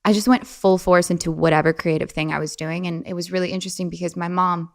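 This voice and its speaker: This young woman is a casual, animated interview guest who talks quickly in a gravelly voice. She tends to put on a playful, high-pitched voice whenever she quotes someone.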